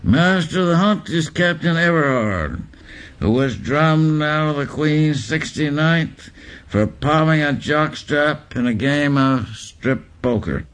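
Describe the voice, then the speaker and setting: A man reading literary prose aloud in a deliberate, deadpan recital. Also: a little high. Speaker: reader.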